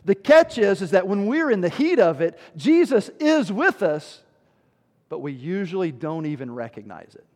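High-voiced pastor preaching emphatically. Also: male voice, sing-song, moderate pace, darkish tone, in a large hall. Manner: emphatic, with rhetorical questions and sudden drops in volume. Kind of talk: sermon.

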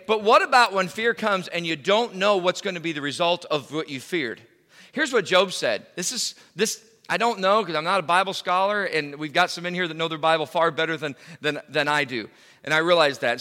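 A middle-aged man preaching a sermon, telling a personal story in an animated way, repeating words and bursting into loud cries. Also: a little high, fairly quick. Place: church hall. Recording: reverberant hall.

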